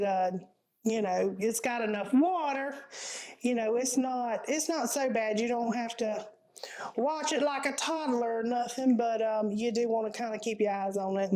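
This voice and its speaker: A woman's voice: on the high side, a little mellow, low-quality recording. A woman, casually talking viewers through a home cooking recipe in a folksy, chatty way from her kitchen.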